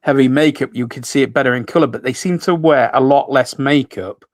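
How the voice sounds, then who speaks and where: A man's voice: mid-range voice, brisk, dry recording. A man hosting a casual radio chat, rambling with many restarts and fillers. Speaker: host.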